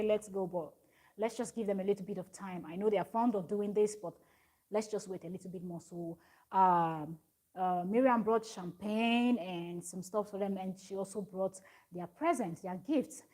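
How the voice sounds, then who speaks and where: A woman's voice: medium pitch, normal speed, darkish tone. A woman recapping a reality show in a rambling, chatty way, with lots of fillers and restarts. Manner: rambling, many fillers and restarts, reads viewer comments. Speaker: recap vlogger.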